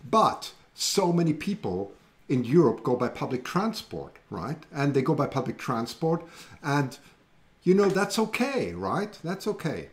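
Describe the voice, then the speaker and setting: A man's voice: a little high, sing-song, measured pace. A man with a German accent, hosting a casual livestream, chatting and rambling and reading out viewer comments. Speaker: livestream host.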